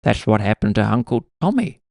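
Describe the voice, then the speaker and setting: A man's voice: lowish voice, big pitch swings, a little fast, creaky, a little mellow, no echo, clean studio sound. A man putting on the voice of a fussy, kindly old grandmother, with a quavery old lady's voice. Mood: warning. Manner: fussy, cooing.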